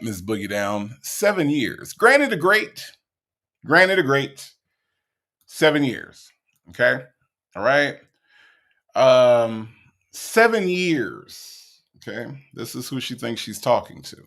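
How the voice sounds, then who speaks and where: A man's voice: medium pitch, creaky, fairly bright tone. A man hosting a reaction commentary, emphatic and profane, often repeating "okay? all right?". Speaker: commentary host.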